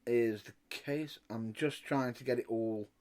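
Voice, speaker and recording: A man's voice: mid-range voice, moderate pace, a crowd in the background. A British man chatting casually as a podcast co-host, laid-back, with dry remarks. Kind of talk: casual chat.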